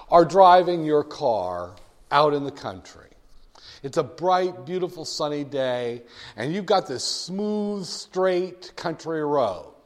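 A man with a fairly high voice gives a classroom lecture full of jokes, telling stories and acting out scenes and voices. The long reverb of a lecture hall rings around him.

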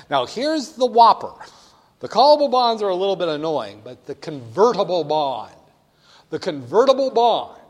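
Male lecturer, animated and joking, a little high-voiced, echoing in a lecture hall. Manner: animated, jokey, addresses students directly. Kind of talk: classroom lecture. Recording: long hall reverb.

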